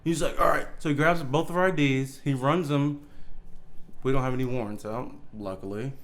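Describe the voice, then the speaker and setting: A man talking casually on a podcast, mid-pitched and animated. He acts out the people in his stories with sudden loud jumps in voice and swears freely. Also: normal speed. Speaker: guest on a podcast. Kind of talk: casual chat, storytelling.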